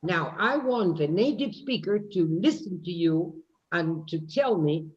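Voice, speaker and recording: Lively British teacher on a call. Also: female voice, fairly low pitch, unhurried. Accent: British English. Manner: corrective, explanatory. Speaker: English phonetics teacher. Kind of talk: online class teaching. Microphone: video call. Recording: dull lo-fi video call audio.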